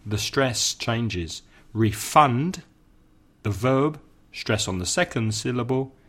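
A man's voice: mid-range voice, lively intonation, slow pace, fairly bright tone. A man teaching an English lesson, repeating phrases carefully for learners and adding short Spanish glosses. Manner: adds brief Spanish glosses. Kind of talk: language lesson.

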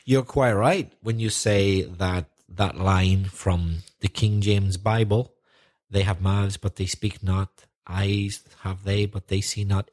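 A man co-hosting an English-learning podcast, speaking in a thoughtful, measured way. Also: on the low side, darkish tone. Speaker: podcast co-host. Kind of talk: relaxed podcast talk explaining language.

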